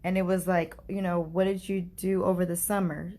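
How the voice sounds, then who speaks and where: A woman's voice: on the low side, level tone, normal speed, mellow. Earnest, chatty woman telling a story. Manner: chatty, uses many fillers like "like" and "you know"; heartfelt and earnest. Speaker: grieving mother vlogger. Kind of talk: casual storytelling monologue.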